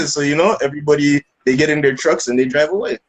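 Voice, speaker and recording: A man's voice: a little high, quick pace, poor audio. Man telling a story, lots of fillers. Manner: animated, loose, full of fillers and restarts; acts out voices with laughter. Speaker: podcast co-host. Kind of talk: casual storytelling.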